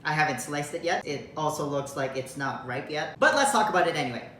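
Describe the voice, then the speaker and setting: A man's voice: a little high, lively intonation, fairly quick, pushed and bright. A man talking casually to the camera as a fitness coach, upbeat and direct with a joking streak. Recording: echoey room with faint noise.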